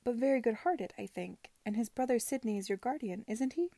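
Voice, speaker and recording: A woman reading the part of a kind, gentle young woman in an audiobook, soothing and encouraging. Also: on the high side, lively intonation, a little fast, no echo.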